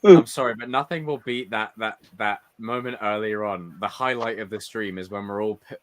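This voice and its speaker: A man's voice: on the low side, normal speed, no echo. Laughing man hosting a live stream. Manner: laughs a lot, upbeat sign-offs. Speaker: host of a live pop culture stream. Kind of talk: casual group chat on a live stream.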